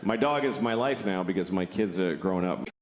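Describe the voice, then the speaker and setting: Male stand-up, deadpan with lively swings, recorded in a reverberant venue with noise behind. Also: low-pitched, brisk. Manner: deadpan, wry musing with sudden loud jumps. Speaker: stand-up comedian. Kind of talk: stand-up routine. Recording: echoey hall with noisy ambience.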